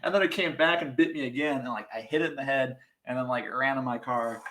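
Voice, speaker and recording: Young male podcast guest, casual storyteller, self-mocking, laughs often, middle pitch. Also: quick pace, reverberant, low-quality recording. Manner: animated, self-mocking, laughs through stories.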